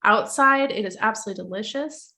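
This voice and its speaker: A woman's voice: mid-range voice, fast, bright, forceful tone. Chatty woman hosting a livestream. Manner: chatty, gushing food tasting with fillers. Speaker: show host. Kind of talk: casual livestream chat.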